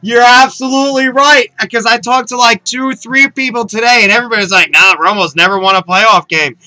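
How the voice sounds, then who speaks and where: A man with a fairly high, very bright voice talks football eagerly, repeating himself and piling on fillers. He sounds close and dry, with no room around him. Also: steady tone, brisk, no echo, rough recording. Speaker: host. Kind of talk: casual sports chat.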